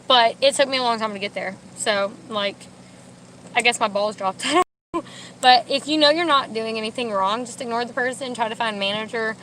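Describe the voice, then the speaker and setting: A woman's voice: normal speed, fairly bright tone, slight background noise, rough recording. Chatty woman in a parked car. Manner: chatty and rambling, talks to her dogs in a high baby voice. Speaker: vlogger with service dogs. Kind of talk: casual chat.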